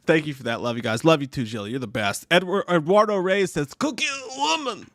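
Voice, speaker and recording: A man's voice: a little high, animated, fast, fairly bright tone, no echo. A man co-hosting a casual live stream, rambling and swearing as he reads viewer comments. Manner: profane, rambling, lots of restarts. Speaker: podcast co-host reading live chat.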